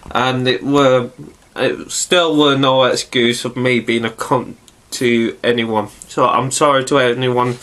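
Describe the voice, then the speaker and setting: A man's voice: medium pitch, a bit bright, a little hiss or hum. A man, stuffy and nasal from hay fever, rambling chattily through a casual video review and swearing now and then.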